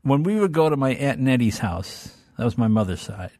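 A man's voice: mid-range voice, brisk, dry recording, clean studio sound. An older man, a talk-show guest, telling childhood stories in casual conversation and slipping into voices. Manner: animated, fond of doing voices.

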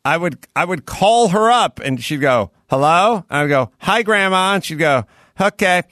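A man hosting a casual comedy talk show, telling lively anecdotes and mimicking people. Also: fairly high pitch, moderate pace, no room sound, clean studio sound. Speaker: host.

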